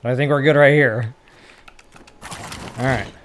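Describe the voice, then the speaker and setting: A man giving casual gameplay commentary for a building tutorial, chatty and self-mocking as he thinks out loud. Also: medium pitch, steady tone, measured pace. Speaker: gaming tutorial creator.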